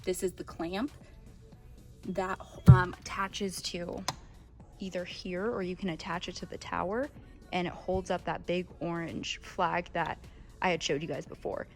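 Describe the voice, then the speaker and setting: A woman's voice: lowish voice, level tone, a little slow, gravelly, over music. A woman vlogger giving a casual boat walkthrough, chatty and full of fillers, a bit out of breath. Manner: chatty, filler-heavy, self-correcting.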